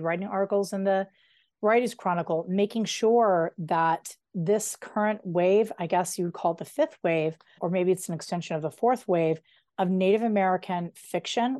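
A woman in her forties, an author being interviewed, talking in an animated, chatty way with playful asides. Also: medium pitch, no room sound, clean studio sound. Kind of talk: conversational interview.

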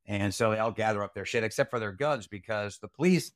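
A man's voice: lowish voice, quick pace, no echo, clean studio sound. A man recounting a night from his Army days as an interview guest, blunt, profane and heated. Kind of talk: casual storytelling interview.

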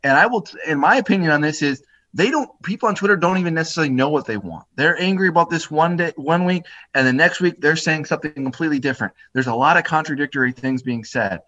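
A man's voice: fairly high pitch, fast talker, few pauses, sharp tone. A man co-hosting a podcast in casual chat, blunt and dismissive as he pushes back. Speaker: podcast co-host. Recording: dull lo-fi sound.

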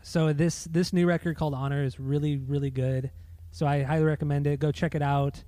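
A man's voice: a little high, flat delivery, brisk, dark tone, no room sound. A man hosting a podcast in casual chat, loose and chatty, swearing freely and restarting his sentences. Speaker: podcast host.

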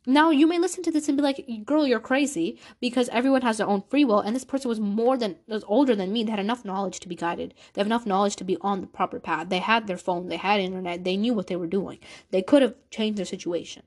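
A woman's voice: medium pitch, fast, darkish tone. A woman hosting a podcast, telling a personal story in an earnest, confessional way and acting out the conversations she recalls. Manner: earnest, confessional, reenacts dialogue. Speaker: podcast host.

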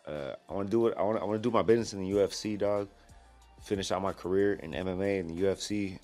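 A man's voice: deep voice, racing, darkish tone, soft background music. A young man, a guest fighter talking laid-back in heavy street slang. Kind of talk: casual interview chat.

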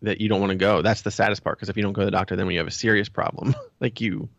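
A man talking as a guest in a casual conversation, relaxed and agreeable, with halting starts. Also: lowish voice, vocal fry, dry recording. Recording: dull, dry lo-fi sound.

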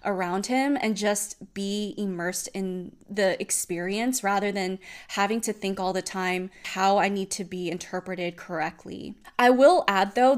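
Young woman, vlog talk, earnest, expressive, smooth clear voice, mid pitch. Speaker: self-empowerment coach.

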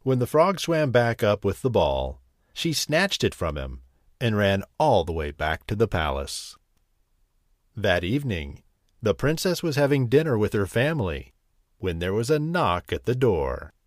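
A male storyteller reads a bedtime fairy tale slowly and gently, his pitch rising and falling expressively. The recording is dry and close. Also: big pitch swings, no room sound. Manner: slow, gentle reading. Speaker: storyteller host.

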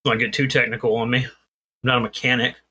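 A man's voice: mid-range voice, little pitch movement, fast talker, pushed and bright, husky. A man co-hosting a podcast, telling a rambling, self-deprecating story in casual chat. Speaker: podcast co-host.

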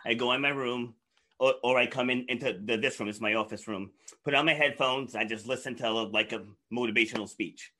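A man hosting a casual live-streamed interview, relaxed and laughing often. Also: medium pitch, a little fast. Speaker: host.

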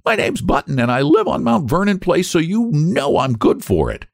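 A man doing a shrill indignant boy-general. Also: big pitch swings, normal speed, gravelly, dry recording, clean studio sound, exaggerated voice. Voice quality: high cracking treble. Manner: angry, blustering, desperate.

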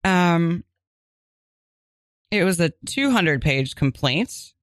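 A woman co-hosting a community radio crime show, chatting casually and reading announcements with quick asides. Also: lowish voice, animated, no room sound. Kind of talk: casual chat and on-air announcements. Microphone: studio microphone.

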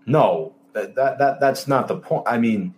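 A man's voice: medium pitch, unhurried, darkish tone, a little hiss or hum. A man hosting a casual sports talk show, emphatic, exasperated and openly sarcastic. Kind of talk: casual sports podcast chat.

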